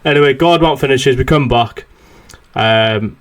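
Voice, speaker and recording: Casting note: young guy, podcast host, sweary and rambling, mid-pitched everyday voice. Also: measured pace. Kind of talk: casual chat, swearing anecdote.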